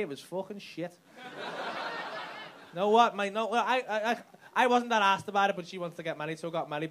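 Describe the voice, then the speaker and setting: A man doing brash, sweary stand-up crowd work on a comedy club stage, shouting his punchlines. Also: high-pitched. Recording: live club with audience laughter.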